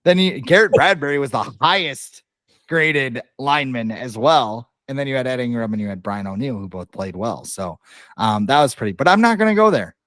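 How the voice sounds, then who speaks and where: A man co-hosting a casual sports podcast, rambling and excitable, stumbling over names and coughing now and then. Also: mid-range voice, a little fast, no room sound. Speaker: podcast co-host.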